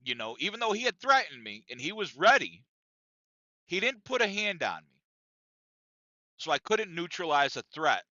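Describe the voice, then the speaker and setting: Telling his story on the podcast, the co-host stays casual, profane and emphatic, repeating himself and circling back. His fairly high voice has big pitch swings, a sharp tone, normal speed and frequent pauses. The recording is dry and lo-fi.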